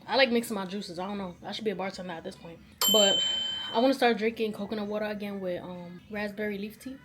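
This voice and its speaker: A woman in her twenties from New York, chatting casually to the camera while tidying her bedroom and thinking out loud about where things should go. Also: mid-range voice, fast talker. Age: 20s. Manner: chatty, thinking aloud, often unsure. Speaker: vlogger. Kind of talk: casual chat while cleaning. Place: bedroom at home.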